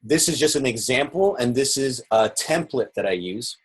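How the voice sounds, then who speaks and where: A marketing instructor with a breathy, mid-range voice and lively intonation speaks at normal speed on a video call. He earnestly walks through sales step by step, using role-play to teach.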